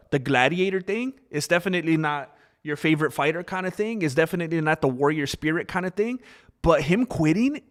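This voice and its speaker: A man hosting a casual livestream, giving opinionated, animated commentary and reading out chat messages. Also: medium pitch. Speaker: livestream host.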